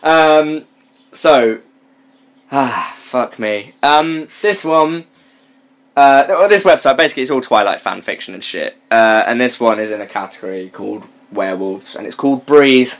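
A man's voice: mid-range voice, lively intonation, unhurried. A young man hosting a comedy podcast, swearing freely and mockingly reading bad fan fiction aloud. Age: young adult. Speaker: podcast host.

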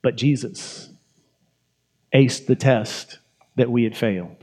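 A man's voice: medium pitch, slow, dark tone, slightly rough. A man preaching a sermon in a conversational, emphatic way, asking questions and repeating phrases for effect.

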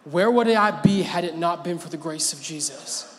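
A man's voice: a little high, normal speed, a bit bright, slight background noise. A man pastor preaching a sermon in a church hall, in a conversational, playful way and laughing often. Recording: long hall reverb.

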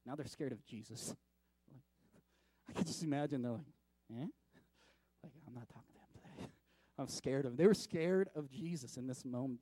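A high-pitched man delivers a sermon in a casual, talky manner. He stumbles over repeated words and moves from loud bursts to hushed lines. The sound is dry and close. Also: dry recording. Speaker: pastor.

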